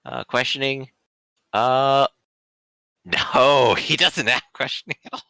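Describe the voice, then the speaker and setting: A man narrating as game master in a tabletop game, relaxed and chatty with fillers. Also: mid-range voice, takes it slowly, gravelly, no room sound.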